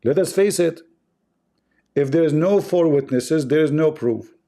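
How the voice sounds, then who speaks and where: Man, mocking and mellow. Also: on the high side, a little slow. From Arab world. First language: Arabic. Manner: sarcastic, repetitive, chuckling asides. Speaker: livestream host. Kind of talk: mocking livestream commentary.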